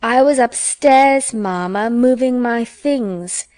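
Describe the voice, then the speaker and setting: A woman's voice: on the high side, lively intonation, normal speed, a little mellow, natural voice. A woman doing a pert defiant teenage girl. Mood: defensive. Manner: self-defending, pert. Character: fearless defensive teenage girl.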